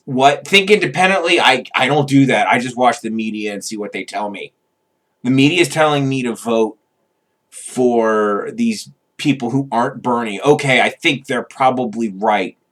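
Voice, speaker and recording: A man's voice: medium pitch, fairly bright tone, voice pushed up. A man putting on the voice of a confused, frightened older male voter who stammers and exclaims. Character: confused, scared, old-timey male voter.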